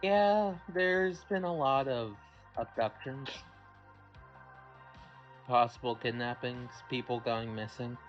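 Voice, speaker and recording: A man's voice: medium pitch, slow. A man playing a character in a tabletop game, speaking hesitantly with many fillers. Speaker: player. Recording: dull lo-fi audio with faint music.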